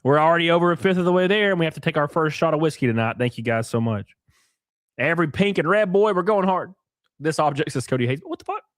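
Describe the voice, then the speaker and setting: A man hosting a live stream, chatting casually and joking loudly with viewers while sick and sniffly. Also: on the high side, expressive, fast, dry recording, studio quality. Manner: rowdy, jokey, loud exclamations and laughs. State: sick and sniffly, stuffed nose.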